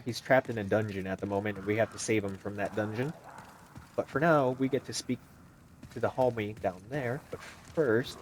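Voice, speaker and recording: A young man giving loose, joking gameplay commentary, teasing the characters on screen and reacting out loud as he plays. His voice sits at an ordinary middle pitch, with faint background noise in the mix. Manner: animated, joking, talks to game characters. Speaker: gaming YouTuber.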